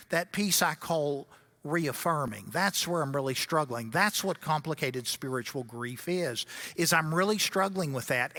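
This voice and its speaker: A man's voice: fairly high pitch, pushed and bright. A middle-aged man giving a seminar lecture as a guest speaker, telling stories with wry asides.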